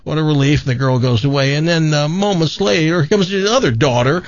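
A man's voice: on the high side, a little fast, no echo. A male radio host telling a long joke on air, rambling with fillers and restarts. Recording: slightly dull radio sound.

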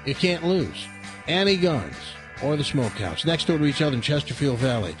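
A man's voice: on the high side, big pitch swings, brisk, music in the background. A man hosting a radio show, chatty and easygoing, reading an ad off the cuff and stumbling over words. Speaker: radio host. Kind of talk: casual radio chat and live ad read. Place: radio studio.

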